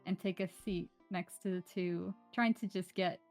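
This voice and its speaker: A woman playing a tabletop game, calmly describing her character's actions, with soft music behind. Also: on the low side, normal speed. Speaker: player.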